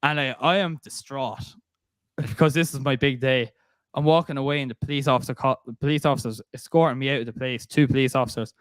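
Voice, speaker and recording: A man's voice: mid-range voice, fairly even intonation, fast, dry recording. A young Irish man hosting a podcast, chatting casually and laughing as he tells a story. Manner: chatty, laughs while telling stories. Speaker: podcast host.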